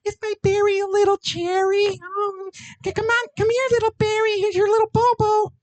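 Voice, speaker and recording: Doting dog-owner baby talk, high and squeaky, a man doing it. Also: little pitch movement, moderate pace.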